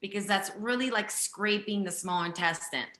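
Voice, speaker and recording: Hosting a live health reading for a single participant, a Japanese woman speaks with a slight accent from her first language. Her pitch is medium, her pace moderate, and her sharp tone rings with reverb. Direct and insistent, she keeps checking in with "okay?"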